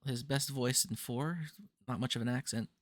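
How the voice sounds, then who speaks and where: A man's voice: medium pitch, normal speed, no room sound. A man running a casual tabletop session zero as game master, joking with his players and reading out setting lore. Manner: relaxed, joking, reads lore aloud.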